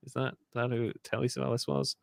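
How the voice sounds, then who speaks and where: Animated man hosting a history podcast. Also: mid-range voice, brisk, gravelly, dry recording, clean studio sound. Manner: animated, swears freely, drops into mock voices and impressions. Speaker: podcast co-host. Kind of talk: casual comedic history podcast chat.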